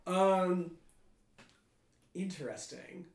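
A man narrating as game master for a tabletop game podcast, playful and laughing, often pausing on fillers. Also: high-pitched, vocal fry, a little mellow, distant mic. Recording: echoey room, off the mic.

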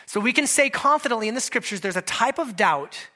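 A male pastor preaching a lively, conversational sermon, acting out quotes from scripture figures. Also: very high-pitched, brisk.

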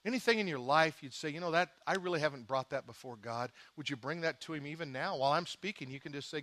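A middle-aged man preaching a sermon as pastor, shifting between quiet, intimate asides and emphatic, animated bursts. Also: fairly high pitch, fast, hardly any pauses.

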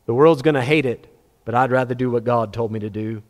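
A man preaching a sermon with passion, rising to loud appeals and dropping to hushed, low passages. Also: a little fast. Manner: impassioned, swinging between loud high-pitched appeals and hushed low passages. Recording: long reverb of a large hall.

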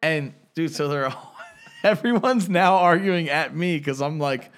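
A young man co-hosting a podcast, telling a drunken story in casual, profane chat and loudly acting out the people he quotes. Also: on the high side, measured pace, clean tone. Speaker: podcast co-host.

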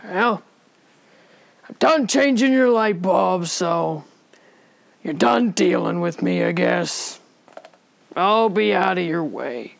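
A woman voicing a gruff, indifferent male light bulb repairman who mumbles flatly and dismissively in a comedic podcast sketch. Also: on the low side, takes it slowly, long pauses, heavily acted.

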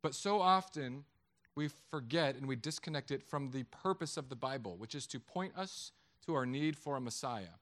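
A middle-aged man preaching a sermon, joking with the congregation in an animated way. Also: fairly high pitch. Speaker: pastor.

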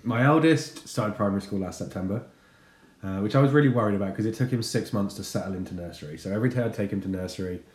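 A man in his thirties telling a funny story about his son in a casual, sweary, animated way. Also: fairly low pitch, fast, slight background noise. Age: 30s. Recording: echoey room.

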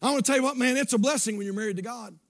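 A male pastor preaching a sermon, building up with shouted, repeated lines. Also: extremely high pitch, very fast, creaky. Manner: preaching with shouted emphatic repetitions.

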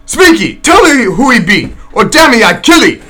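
A man doing a gruff, growling harpooner. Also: on the high side, animated, fairly quick, pushed and bright. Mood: threatening. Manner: growling, clipped broken speech. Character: gruff harpooner man, broken English, threatening.

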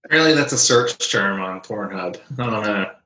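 A man with a bright, forceful voice, chatting as a podcast co-host. His voice rings in a roomy, echoey space while he throws in ideas. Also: on the low side, animated, normal speed. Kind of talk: casual podcast chat.

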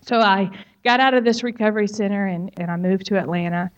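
A woman's voice: medium pitch, brisk. Frank woman telling her testimony, muffled sound. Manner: frank, conversational storytelling with emphatic asides to the listener. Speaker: speaker giving a personal testimony. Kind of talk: personal testimony talk.

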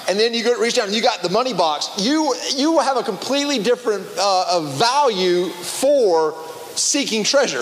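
High-voiced man preaching casually. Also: normal speed, big-room sound. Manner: conversational, animated, many restarts and fillers. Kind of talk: casual sermon.

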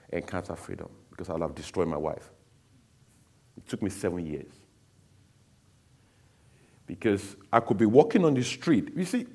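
A man's voice: lowish voice, darkish tone. A man giving a candid, emotional personal testimony to an audience, speaking bluntly.

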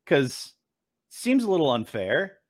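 A man's voice: a little high, big pitch swings, takes it slowly. A man ranting through a political commentary, sarcastic, profane and incredulous. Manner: mocks clips with mimicking voices. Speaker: commentary host.

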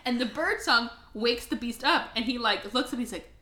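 A woman hosting a podcast, recapping a movie in an animated, profane and playful way. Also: a little high, moderate pace, echoey room. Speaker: podcast host. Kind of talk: casual movie recap chat.

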